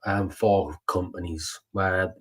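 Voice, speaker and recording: Male co-host, lowish voice, loose storyteller with fillers. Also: steady tone, slow pace, fairly bright tone, breathy edge. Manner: chatty, swears, tells stories with many fillers. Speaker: podcast co-host. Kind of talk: casual chat.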